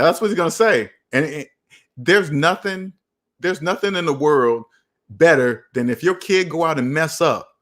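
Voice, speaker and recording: Animated preachy man, fairly high voice. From United States. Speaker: finance channel host. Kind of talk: casual live chat.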